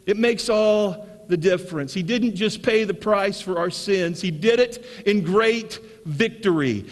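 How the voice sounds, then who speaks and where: A man's voice: sits high, in a large hall. A male pastor preaching an Easter sermon who calls the congregation to say amen and repeats his key phrases for emphasis. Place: church sanctuary.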